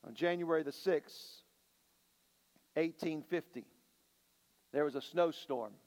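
A man preaching a sermon as a pastor, slowing down and building emphasis on key lines. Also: fairly high pitch, darkish tone, big-room sound. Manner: preaching with dramatic slowdowns and rising emphasis.

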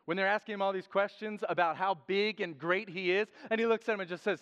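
A man preaching a sermon in a lively, joking way, acting out quotes in different voices. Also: sits high, fast, clear, resonant tone. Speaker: pastor. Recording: dull sound with long hall reverb.

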